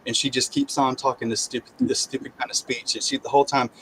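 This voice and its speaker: Man, mid-pitched voice, animated storytelling, acts out quotes, casual talk, faint background hiss. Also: fast talker, rough recording. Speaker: guest sharing his testimony.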